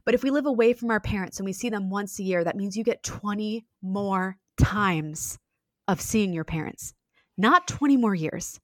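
A woman's voice: mid-range voice, moderate pace, a bit bright, no echo. Earnest woman, dry close sound. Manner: earnest, reflective, many fillers. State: briefly tearful. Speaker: guest. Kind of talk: heartfelt podcast conversation.

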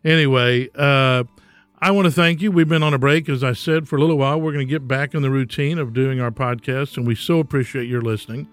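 A man's voice: medium pitch, a little fast, no room sound, soft background music. A man hosting a podcast, telling stories in a folksy, rambling way with frequent ums. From Texas. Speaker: podcast host. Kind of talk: casual solo podcast storytelling.

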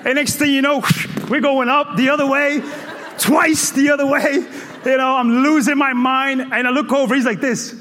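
A man from Cape Verde preaching in a comic, animated storytelling manner, full of playful exclamations and laughter. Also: extremely high pitch, normal speed, background noise. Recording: echoey hall reverb.

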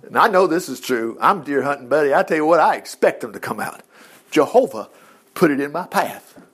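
A man's voice: fairly high pitch, animated, a little fast, a bit bright, husky. A middle-aged man preaching in a chatty, folksy storytelling way, acting out the lines he quotes.

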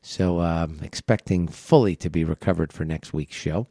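Man, radio host, stuffed-up head cold, flat monotone, rambling with fillers, dry close studio mic. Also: deep voice, moderate pace, dry recording. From eastern United States. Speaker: radio show host, financial planner. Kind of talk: casual radio talk show.

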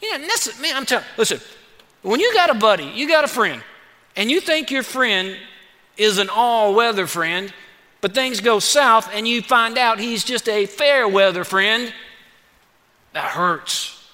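Man, pastor, high bright voice, animated sermon, long hall reverb. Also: a little slow. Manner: animated, acts out David's pleas in casual voice.

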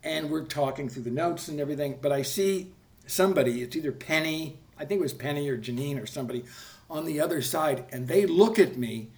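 Gravelly man telling a story. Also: on the high side, a little fast, a little mellow. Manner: rambling, self-correcting, swears freely. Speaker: podcast guest, TV producer. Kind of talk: casual anecdotal storytelling.

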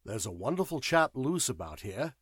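A man reading an audiobook, voicing a cheerful, clever English gentleman with a light, teasing tone. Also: mid-range voice, very animated, moderate pace, slightly rough, no room sound, studio quality. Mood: playful. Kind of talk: audiobook character voice.

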